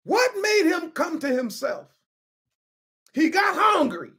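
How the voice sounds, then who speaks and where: Fired-up preacher man yelling his sermon, very high bright voice. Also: big pitch swings, slow. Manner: impassioned, shouting, with rhetorical questions.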